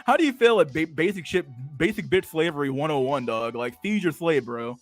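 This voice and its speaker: A man's voice: on the high side, lively intonation, fairly quick, hardly any pauses, soft background music. A man streaming a casual rant and reacting to chat, cursing freely, laughing often and stumbling over repeated words. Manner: profane, stammering repetitions, frequent laughter.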